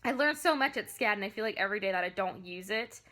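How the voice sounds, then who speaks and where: A woman's voice: medium pitch, animated, fast, pushed and bright. A young woman venting in a vlog about her photography work, emphatic and upset, with many fillers and restarts. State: upset, near tears. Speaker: vlogger and photographer. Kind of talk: ranting vlog to camera.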